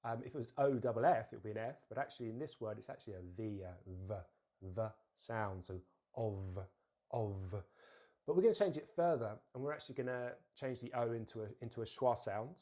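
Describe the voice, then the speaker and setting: Man teaching pronunciation, deliberate and clear. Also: mid-range voice, animated, dark tone. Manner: slow, deliberate modelling of words with drills to repeat; explains plainly with frequent fillers and restarts. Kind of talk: pronunciation lesson.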